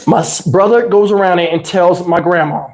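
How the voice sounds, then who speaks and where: Speaking at a normal speed with a high-pitched voice, a livestream host from New Jersey recounts a story from his childhood. His delivery is lively and full of slang, he performs the characters' voices, and he's recorded on a wireless lapel mic.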